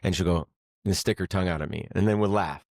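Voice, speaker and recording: A man's voice: low-pitched, quick pace, a little mellow, dry recording, studio quality. A middle-aged man talking openly and emotionally on a podcast, rambling and acting out others' voices as he goes. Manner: emotional, rambling, mimics his mother. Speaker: podcast co-host. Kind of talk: casual chat.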